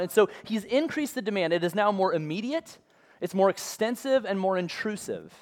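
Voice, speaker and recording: High-pitched guy preaching, chatty and relaxed about it. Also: normal speed. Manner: casual and conversational with modern comparisons. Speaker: pastor. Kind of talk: sermon.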